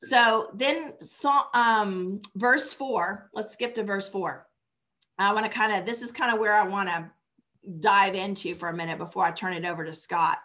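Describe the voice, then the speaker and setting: A woman's voice: medium pitch, normal speed, fairly bright tone. A woman giving an informal sermon on a psalm, talking casually with fillers and small laughs. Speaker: bible teacher.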